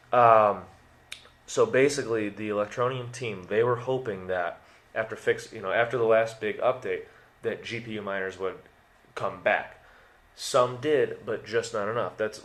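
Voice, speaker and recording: A young man talks through a hurried update video in a slightly low voice. He rambles, restarts his sentences and drops jokey asides, and he has the hiccups. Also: a bit bright. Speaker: crypto video host. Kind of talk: casual excited update video.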